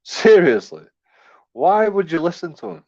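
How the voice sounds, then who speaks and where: A man's voice: sits high, sing-song, measured pace, creaky, a little mellow. English male commentator, profane and meandering, stumbling repeats, slightly muffled recording. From England. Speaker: YouTube commentator. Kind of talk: casual rant.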